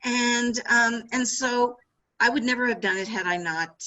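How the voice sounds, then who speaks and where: A middle-aged woman, an author, telling animated anecdotes in an interview over a video call. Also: on the high side, unhurried, rough recording. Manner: animated anecdotes with laughter and restarts. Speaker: author and former sportswriter. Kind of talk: storytelling interview answers.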